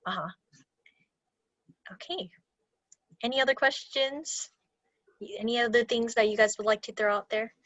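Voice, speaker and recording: A woman's voice: fairly high pitch, normal speed, long pauses, a bit bright, dry recording. A young woman from California presenting an online culture workshop, chatty and laughing often. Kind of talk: casual online workshop teaching. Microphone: video call. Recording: dull lo-fi video call audio.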